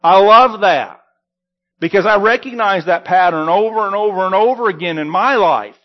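A man preaching a sermon as pastor, reading scripture and then teaching, with dramatic swells and hushed drops. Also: sits high, normal speed, muffled recording.

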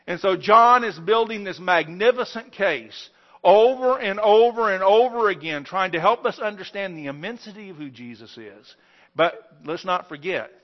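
A man preaching a sermon as pastor, emphatic, swinging between loud stressed phrases and quiet ones. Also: high-pitched, dull audio.

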